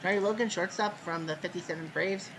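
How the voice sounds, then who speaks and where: A man hosts laid-back, talkative play-by-play for a simulated baseball game, breaking into sudden loud calls on the big plays. His voice is high and he talks fast, with a noisy background.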